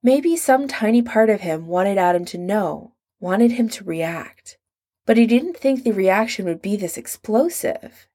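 Woman audiobook narrator, slow, measured, mid pitch. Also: lively intonation, dark tone. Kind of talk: scripted narration.

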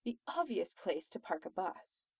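A woman reading aloud, voicing a brash, loud young woman who talks with blunt sarcasm. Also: medium pitch, sing-song, unhurried, creaky, slightly rough, dry recording, heavily acted. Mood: sarcastic.

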